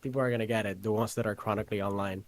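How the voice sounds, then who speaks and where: A man's voice: fairly low pitch, steady tone, racing. A man co-hosting a casual podcast, playful and jokey as he chats with his co-host.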